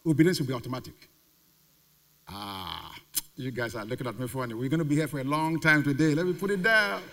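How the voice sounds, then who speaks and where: A pastor preaching a sermon with emphatic repetition and rhetorical questions. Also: male voice, on the high side, sing-song, a little fast, a bit bright. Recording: reverberant hall.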